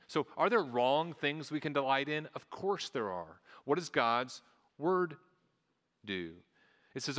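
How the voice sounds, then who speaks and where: Guy preaching in church, bright voice, talks casual w lots of restarts, big echoey hall. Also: medium pitch, expressive, a little slow. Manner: conversational preaching with repeated restarts and asides. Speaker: pastor. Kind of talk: sermon.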